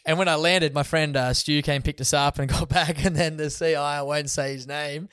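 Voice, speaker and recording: A young man telling a story in a relaxed podcast chat, swearing often and laughing as he goes. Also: on the high side, normal speed, clean tone, dry recording, clean studio sound. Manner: laid-back, swears often, laughs through stories. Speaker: guest.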